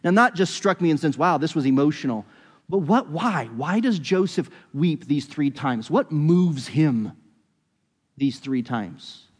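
A man preaching a sermon in a relaxed, conversational way, retelling a story with quoted dialogue. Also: fairly high pitch, a little slow, breathy edge. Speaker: pastor. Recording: long reverb of a large hall.

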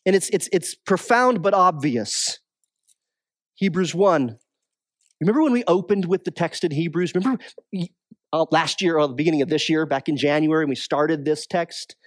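Male pastor, sermon delivery, urgent peaks and hushed lows, dry close mic. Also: dry recording. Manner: swings between raised urgency and hushed low tones.

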